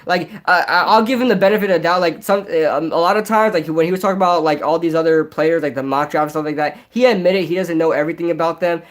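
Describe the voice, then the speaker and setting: Young guy live streaming, nasal high voice, lots of likes and ums, rambles. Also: quick pace, few pauses. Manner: rambling, filler-heavy, restarts. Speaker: sports vlogger. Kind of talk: casual live-stream chat.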